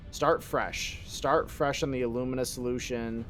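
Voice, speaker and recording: A man's voice: mid-range voice, moderate pace, few pauses, soft background music. A man streaming a game live, rambling and joking in casual chat and swearing freely.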